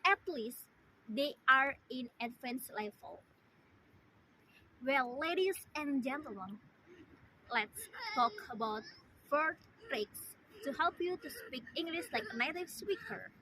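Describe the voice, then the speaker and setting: A young woman delivers a formal student speech in a bright, clear voice. She speaks slowly and haltingly, often repeating words and restarting her sentences. Faint background ambience sits under her voice. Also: sits high, very animated, slight background noise, poor audio. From Indonesia. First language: Indonesian.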